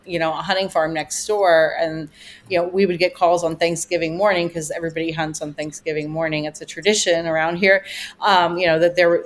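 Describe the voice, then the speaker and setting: A woman talking as a podcast guest in casual conversation, chatty and rambling, with plenty of "you know" and animated retellings. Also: on the low side. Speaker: podcast guest, vacation rental owner.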